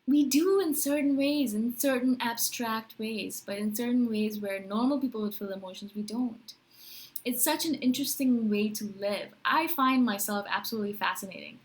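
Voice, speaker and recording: Animated rambling woman vlogger. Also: on the high side, moderate pace. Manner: animated, rambling, lots of "like" and "right?". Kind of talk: casual talking-to-camera monologue.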